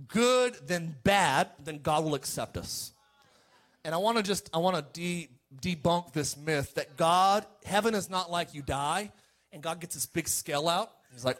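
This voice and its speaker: A middle-aged man preaching a sermon from the pulpit in a high, bright voice. He jokes with the congregation and puts on mocking voices for the people he quotes. He breaks into sudden shouted peaks. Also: moderate pace. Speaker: pastor.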